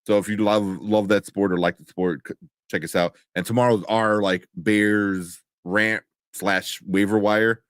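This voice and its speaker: A man's voice: lowish voice, steady tone, a little slow, clean tone, dry recording, clean studio sound. A man co-hosting a live stream, chatting casually and reading out viewers' comments. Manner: laid-back, rambling, reads out chat comments. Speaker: co-host of a live show.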